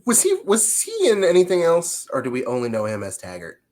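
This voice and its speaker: A man's voice: fairly high pitch, huge pitch swings, brisk, a little mellow. A man co-hosting a podcast in casual chat, asking curious questions and laughing easily. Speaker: podcast co-host.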